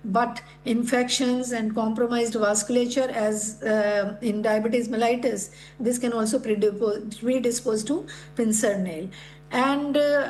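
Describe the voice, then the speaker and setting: A woman giving a medical conference lecture, explaining slides in a clinical way with many pauses and fillers. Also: fairly high pitch, a little mellow, slight background noise, poor audio. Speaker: conference speaker.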